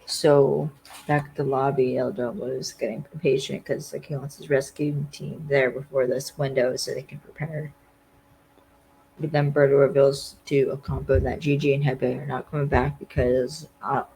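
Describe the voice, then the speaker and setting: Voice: medium pitch, flat delivery, moderate pace, creaky, darkish tone, a little hiss or hum, low-quality recording. A podcast co-host casually retells a TV episode scene by scene, leaning heavily on "like" as a filler. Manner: rambling retelling full of "like" fillers. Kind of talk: casual TV episode recap chat.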